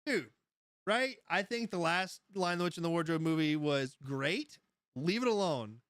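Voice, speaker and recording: A man's voice: a little high, animated, measured pace, fairly bright tone, no room sound, studio quality. Chatty laughing man live-streaming. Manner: rambling storyteller, laughs often, answers chat. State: high. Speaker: livestream host. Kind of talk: casual live-stream chat.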